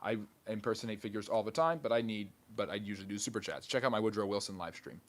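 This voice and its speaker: A man hosting a live history stream, reading chat questions aloud and answering with quick, dry jokes. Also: on the low side, a little hiss or hum.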